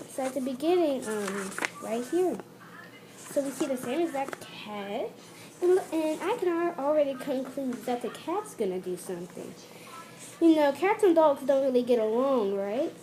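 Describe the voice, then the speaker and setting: A host of a children's lesson reading a picture book aloud and explaining it slowly to kids, with restarts and asides. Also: high-pitched, background noise.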